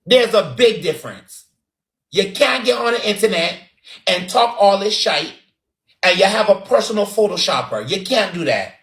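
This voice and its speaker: A man's voice: sits high, expressive, normal speed, fairly bright tone. A man with a Barbadian accent giving sassy, dramatic roasting commentary with lots of repetition. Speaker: online commentator. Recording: roomy echo.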